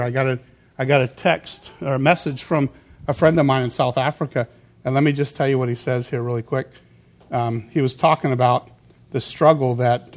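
A middle-aged man preaching a sermon as a pastor, telling stories and acting out quotes in a raised, lively voice. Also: medium pitch. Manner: animated storytelling, acts out quotes in a raised voice.

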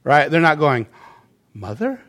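A man's voice: fairly high pitch, animated, normal speed, a bit bright. A man preaching a sermon to a church congregation, in a conversational style that keeps checking in with "okay?" and acts out quotes. He sometimes moves off the microphone. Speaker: pastor.

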